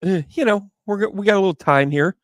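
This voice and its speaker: A psychic medium and tarot reader hosts a live reading stream, bantering casually and playfully with viewers and rambling through jokey asides. His voice is high and quick, recorded clean in a studio with no echo.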